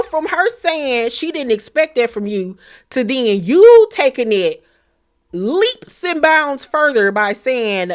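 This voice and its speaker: A woman giving a blunt, profane, animated recap of a reality show in casual commentary. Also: sits high, takes it slowly.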